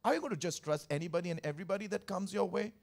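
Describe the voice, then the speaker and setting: A man's voice: high-pitched, very fast. A man preaching a Sunday sermon as pastor, emphatic and repetitive, calling out to the congregation and working through scripture verse by verse. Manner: emphatic, repeats key phrases, calls for congregation response.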